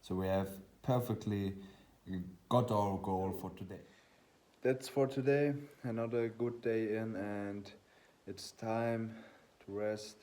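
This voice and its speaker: A young man with a low voice talks casually to camera in a fitness vlog. He rambles in a halting way and keeps correcting himself mid-sentence. His tone is unhurried and mellow. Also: fairly even intonation. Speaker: fitness vlogger.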